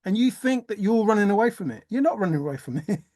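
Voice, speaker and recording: A man's voice: high voice, big pitch swings, fast talker, a little mellow, no echo, studio quality. A man talking through a rambling vlog monologue, musing aloud, swearing casually and laughing to himself. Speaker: vlogger.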